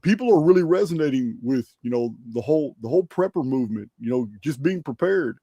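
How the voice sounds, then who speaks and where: A man hosting a casual livestream chat, talking excitedly and often stumbling and repeating his words. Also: mid-range voice, fairly quick, no room sound. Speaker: livestream host.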